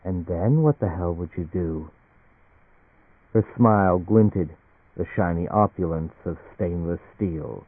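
An audiobook narrator with a low voice reads scripted narration slowly, sounding slightly rough. The audio is tinny, lo-fi and phone-like, with no room sound.

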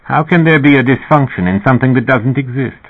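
A man's voice: mid-range voice, a little fast, slightly rough, voice pushed up. A man voicing a genial, amused male musician with a slight British accent and a twinkling, lilting manner. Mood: chatty. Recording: tinny phone-like audio.

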